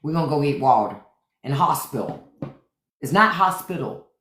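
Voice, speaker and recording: A man's voice: fairly high pitch, a little fast, reverberant. A man from Washington, D.C., a podcast host, riffing and swearing freely in casual livestream chat. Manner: animated, profane riffing.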